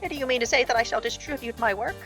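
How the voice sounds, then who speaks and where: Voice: mid-range voice, very fast, a bit bright, faint music behind, voice pushed up, natural voice. A player reading a visual novel aloud, voicing a shy young author who speaks in stiff, old-fashioned phrases. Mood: hesitant. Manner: stilted, overly formal phrasing.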